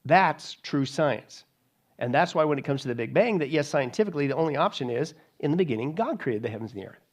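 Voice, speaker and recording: A man's voice: fairly high pitch, lively intonation, fast talker. A male pastor preaching an emphatic sermon with sarcastic, mocking asides.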